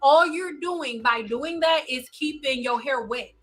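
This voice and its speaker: Woman, hairstylist, live stream host, high voice, blunt, insistent, repeats questions. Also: unhurried, faint music behind.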